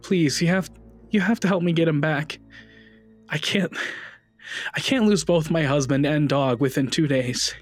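A man's voice: a little high, unhurried, pauses often, faint music behind, pitched above the performer's own voice. A man voicing a tearful, grieving young woman who pleads and breaks off mid-sentence. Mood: distraught.

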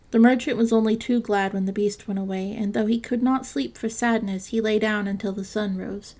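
A woman narrating a classic fairytale in a calm, measured storytelling reading. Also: mid-range voice.

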